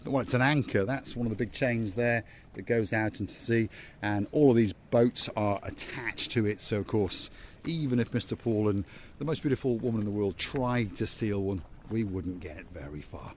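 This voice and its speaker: A man with a fairly low voice chats his way through a harbour walk, teasing and joking with his viewers. He is recorded outdoors on a camera mic, with faint noise behind him. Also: normal speed. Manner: chatty, playful, teasing asides to viewers. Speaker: vlog host. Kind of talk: walking tour vlog narration.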